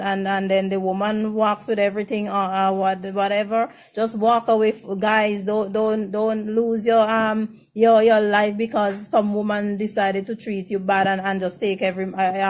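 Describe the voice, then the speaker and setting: A woman hosting a casual advice talk, blunt and frank, stumbling over and repeating her words. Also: medium pitch. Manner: greets viewers by name in a slow sing-song. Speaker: host of a relationship advice show.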